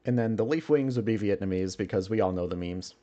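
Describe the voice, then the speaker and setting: A man's voice: fairly low pitch, fast talker, mellow. A man chatting casually on a livestream, musing aloud and chuckling often as he answers his chat.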